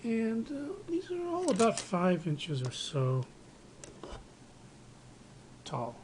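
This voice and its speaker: A man's voice: high voice, huge pitch swings, takes it slowly, background noise. A man casually showing off collectibles on camera, rambling with many fillers and restarts, recorded indoors on a handheld camera. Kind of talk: casual show-and-tell narration. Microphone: handheld camera microphone.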